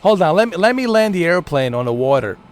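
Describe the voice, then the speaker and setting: A man's voice: high-pitched, very animated, quick pace. Joking, profane male game streamer. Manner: joking, profane, mock-dramatic. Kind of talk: casual live gameplay commentary.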